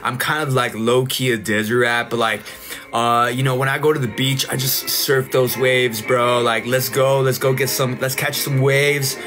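A man's voice: mid-range voice, little pitch movement, normal speed, sharp tone, soft background music, close to an everyday voice. A man playing a laid-back young male surfer bro, drawling with a Californian accent and filling every line with "bro" and "dude.". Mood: chill.

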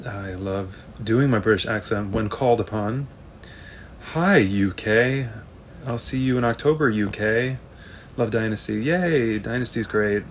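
A man, an actor, chatting casually on a live video stream, reading fan comments aloud and answering them in a relaxed, rambling way. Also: lowish voice, a little hiss or hum.

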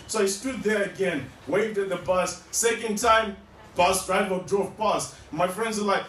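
Male stand-up comic, rambling, high voice, echoey tea room, distant mic. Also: moderate pace, fairly bright tone, slight background noise. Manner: rambling, stammering restarts. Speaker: stand-up comedian. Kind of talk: stand-up comedy set.

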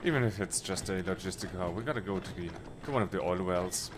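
Deep-voiced man muttering through a game. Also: quick pace, noisy background. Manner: muttering to himself while planning, with short restarts. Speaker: game streamer. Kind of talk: casual let's-play commentary.

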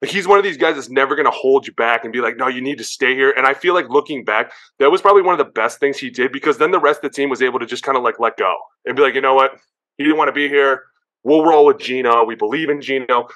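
A former pro football player, appearing as a guest, tells stories in an excited, casual interview. His medium-pitched voice is fast, bright, and animated, and he acts out quotes while dropping plenty of "like" and "dude."

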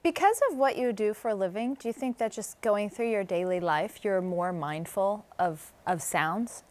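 A woman's voice: medium pitch, normal speed, a little mellow, no echo. A middle-aged woman hosting a conversational interview, asking questions with curiosity. Her speech moves along at an easy pace, and she presses her guest with follow-up questions. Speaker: host.

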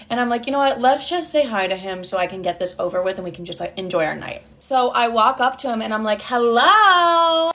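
A young woman with a slightly high voice recounts a personal storytime. She talks in a chatty, unfiltered way, swearing freely and filling her sentences with "like". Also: fairly bright tone. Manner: chatty, candid and profane, heavy use of "like". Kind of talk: casual storytime.

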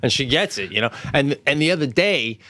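A middle-aged man chatting on a podcast, his pitch leaping all over as he acts out loud quotes and swears freely. The sound is dry and close, with no room around it. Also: lively intonation, brisk, no echo. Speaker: podcast co-host. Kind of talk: casual chat. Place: home studio.

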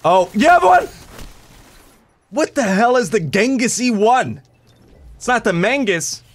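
A young man giving excited live gameplay commentary, joking, shouting at opponents and dropping to low mutters. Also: unhurried, dry recording. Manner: animated, jokey, swings from shouting to muttering. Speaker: gameplay reviewer.

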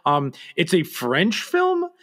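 A man's voice: a little high, wildly swooping pitch, slow, fairly bright tone. A man hosting a horror movie podcast in casual chat, talking loosely with lots of fillers and restarts. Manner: rambling, with many fillers and restarts. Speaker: podcast host and producer.

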